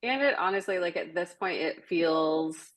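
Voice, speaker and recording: A woman's voice: on the low side, animated, a little slow. A woman podcast host, chatting casually with many fillers and frequent laughs. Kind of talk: casual chat.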